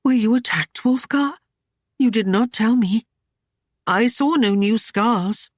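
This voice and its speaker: A woman's voice: mid-range voice, dry recording, studio quality, pitched above the performer's own voice, lightly acted. A man reading an audiobook, voicing a proud and defiant young Saxon noblewoman in a raised, pointed voice. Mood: anxious. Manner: teasing, pointed, quick to worry.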